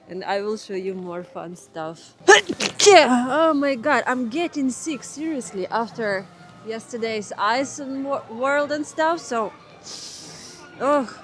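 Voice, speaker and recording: A young Russian woman vlogging outdoors in winter with a Russian accent, chatting casually, exclaiming in wonder and hunting for English words. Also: medium pitch. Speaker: travel vlogger. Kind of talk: casual travel vlog narration. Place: outdoors in a snowy city, in winter. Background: background music.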